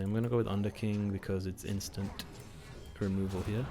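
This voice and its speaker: Guy doing casual card game commentary, low voice, just chatting and thinking out loud. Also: flat delivery, a little fast. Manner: chatty, thinking aloud, self-mocking. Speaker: gaming video host.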